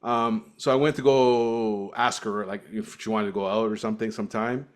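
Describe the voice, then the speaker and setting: A man's voice: lowish voice, steady tone, moderate pace. A man co-hosting a podcast, telling stories in casual chat with frequent laughter and restarts, from Cyprus. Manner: storytelling, laughs often, restarts. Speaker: podcast co-host.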